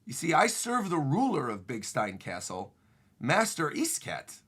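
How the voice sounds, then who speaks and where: A man reading aloud as a boastful, mysterious male messenger who rides a bug, delivering warnings slowly and ominously. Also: a little high, wildly swooping pitch, a bit bright, slightly rough, full character voice.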